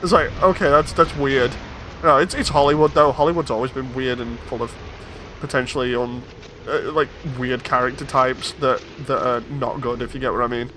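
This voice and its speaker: A man's voice: medium pitch, fairly even intonation, a little fast, sharp tone, slight background noise. A man streaming a game, talking casually and rambling through opinions with many restarts. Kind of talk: casual gaming stream chat.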